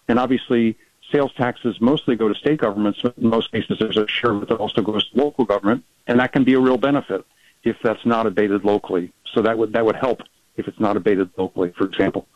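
A man, a policy researcher, talking fast as a guest in a radio interview, with many restarts and fillers. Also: medium pitch, no echo, lo-fi sound.

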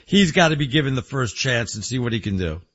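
A man's voice: medium pitch, animated, fast talker, a bit bright, slightly rough, muffled recording. A man co-hosting a sports radio show, joking and teasing in casual banter.

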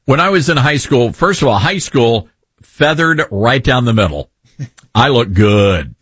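A man's voice: medium pitch, animated, measured pace, fairly bright tone, slightly rough, no room sound. A man in his fifties hosting a talk radio show, opinionated, rambling and jokey. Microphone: studio mic.

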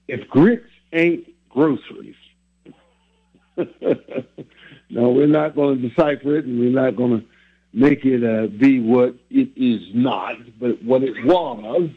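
A man hosting a casual chat, reflecting on family sayings and chuckling between thoughts. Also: mid-range voice. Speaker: host. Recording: phone-like line.

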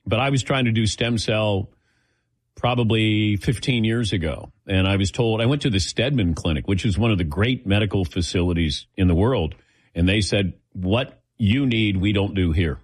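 A middle-aged man with a fairly low voice tells a relaxed personal story as the host. He slips into little impressions of the people he quotes. The sound is dry and close. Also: normal speed, slightly rough, no room sound. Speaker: host taking audience questions. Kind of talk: casual storytelling.

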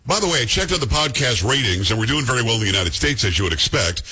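A middle-aged man hosting a talk radio show, chatting casually and joking in quick asides from the studio. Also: mid-range voice, sing-song, sharp tone, slightly rough.

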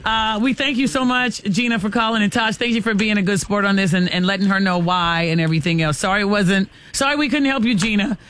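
A man hosting morning radio in a fairly high voice. He teases his callers in a lively, fast patter. His talk is casual banter. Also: clean tone. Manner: lively, teasing, quick-talking. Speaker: radio morning show host.

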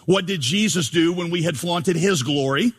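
Husky high-voiced man preaching. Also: normal speed. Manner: emphatic, humorous, mimics prayers. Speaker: pastor. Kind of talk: sermon. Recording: long reverb of a large hall.

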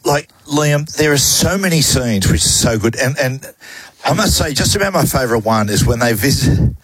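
A man's voice: mid-range voice, lively intonation, moderate pace, fairly bright tone, breathy edge, no room sound, rough recording. A man hosting a radio show, chatting casually, laughing and quoting film lines. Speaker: radio host.

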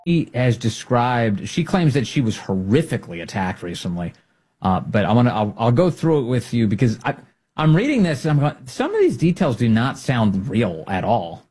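A man's voice: medium pitch, sing-song, moderate pace, a little mellow, breathy edge. A male talk show host giving casual political commentary, joking and candid, often restarting his sentences and laughing.

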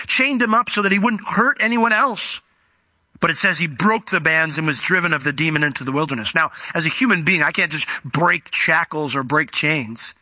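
A man preaching a sermon in an animated way, slowing down and speeding up as he tells a Bible story. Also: high voice, no room sound. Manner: animated, acts out quoted voices, varies pace.

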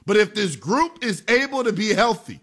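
A man hosting a sports talk radio show, delivering an emphatic, animated monologue. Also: sits high, normal speed.

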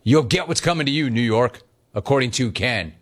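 A man hosting a sports talk radio show, teasing callers in an animated way. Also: mid-range voice, a little fast. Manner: animated, mock-serene teasing. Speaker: radio host.

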